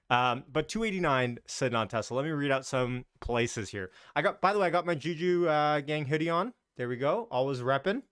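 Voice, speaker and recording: A man's voice: medium pitch, fairly bright tone, smooth, no room sound, clean studio sound. A man hosting a casual live stream about the market, chatty and loose, greeting viewers as he talks. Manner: talks in loose, restarting sentences.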